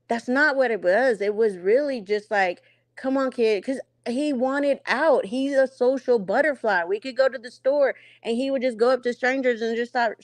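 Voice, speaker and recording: Woman, fairly high voice, dry close sound, long-winded retelling. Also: no echo. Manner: talks at length, acts out past conversations. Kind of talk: casual chat.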